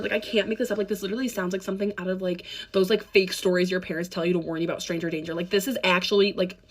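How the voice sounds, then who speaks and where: A young woman speaks straight into her phone camera, telling a personal story in a candid, sarcastic way and laughing even when it gets heavy. Her voice sits at an ordinary middle pitch. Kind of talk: casual storytime vlog.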